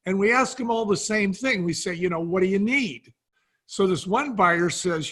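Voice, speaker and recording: Guest storyteller: man, high and bright, animated, acts out dialogue. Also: moderate pace. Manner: storyteller who acts out quoted dialogue with frequent "he says". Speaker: guest, wine brand cofounder. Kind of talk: animated anecdote telling.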